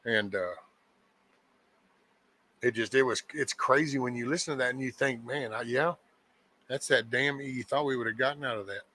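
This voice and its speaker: A man's voice: medium pitch, normal speed, pauses often, bright, forceful tone. A man hosting a casual morning chat show who talks in a folksy, meandering, joking way. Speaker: host of a daily live show.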